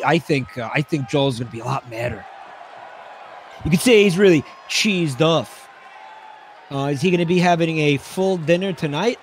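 A man doing excited play-by-play commentary on a wrestling match, rambling and swearing, bursting into yells. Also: a little high, a little hiss or hum.

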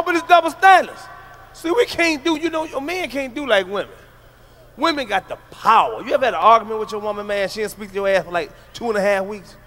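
A man doing a stand-up comedy routine, brash and profane, breaking into sudden shouted bursts. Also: high voice, a little hiss or hum.

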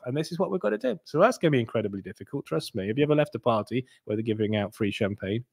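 A man runs his own crypto channel and talks loosely to his viewers, rambling with frequent restarts and asides. He jumps from low, mumbled stretches to sudden animated bursts, racing along with vocal fry and hardly any pauses.

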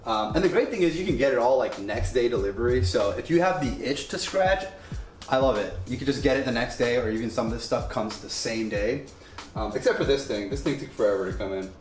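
A man's voice: medium pitch, lively intonation, fairly quick. A man casually demonstrating a home coffee setup, chatty and rambling with joking asides. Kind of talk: casual product demo. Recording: echoey room with faint music.

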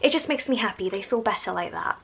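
A woman's voice: mid-range voice, expressive, fast, gravelly, fairly bright tone, breathy edge, poor audio. Young English woman, strong Essex accent, bubbly vlogger who chats and wanders off on tangents. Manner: chatty and enthusiastic, going on tangents. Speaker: art vlogger. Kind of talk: casual vlog talk. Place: at home.

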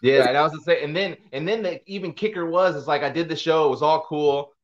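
A man's voice: fairly high pitch, fast talker. A man hosting a podcast and chatting casually about his own time in the military. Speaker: podcast host and military veteran. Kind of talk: casual interview chat. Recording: dull, muffled audio.

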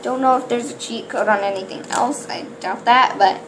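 A woman opening toy blind bags on camera in casual chat, excitable and gasping, who rambles with trailing restarts. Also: fairly high pitch, moderate pace, background noise. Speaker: toy unboxing vlogger.

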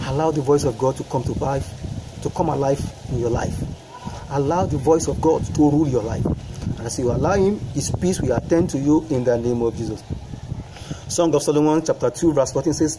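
A man preaching a sermon, repeating phrases with rising fervor and praying in a low, soft voice. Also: fairly quick, a little hiss or hum, poor audio.

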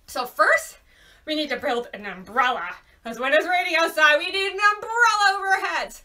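A woman's voice: sits high, expressive, moderate pace, bright, forceful tone, far from the mic. A young woman leading a children's storytime at home, singing and praising in a cheerful sing-song way, recorded a little away from the mic. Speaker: children's librarian. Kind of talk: storytime songs and rhymes for toddlers.

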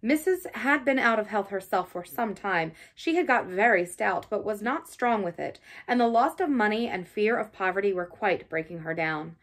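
A woman's voice: medium pitch, animated, moderate pace, few pauses, fairly bright tone, lightly acted. A woman voicing a respectful male servant bringing grave news, in an audiobook reading.

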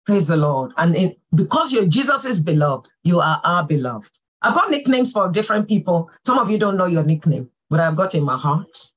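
Fervent woman preacher, husky and lively. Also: lowish voice, normal speed, low-quality recording. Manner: fervent, repeats praise exclamations; swings from soft to calling out. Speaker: pastor. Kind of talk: sermon.

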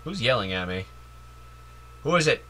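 A man's voice: mid-range voice, sing-song, normal speed, sharp tone. A man giving playful, giddy commentary while playing a video game, joking and cheering, with many "like"s. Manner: playful, giddy, jokey, lots of "like" and "yay". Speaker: video game let's player. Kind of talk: casual gameplay commentary.

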